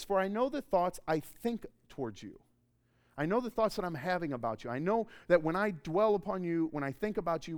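A male pastor preaching a sermon in a church, conversational and joking, with sudden loud bursts of emphasis. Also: a little high. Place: church auditorium.

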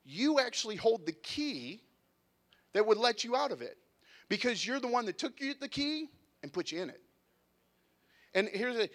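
Lively high-voiced male preacher. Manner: animated, conversational preaching with sudden drops to a hush. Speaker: pastor. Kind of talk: sermon. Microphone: handheld mic, sometimes set down.

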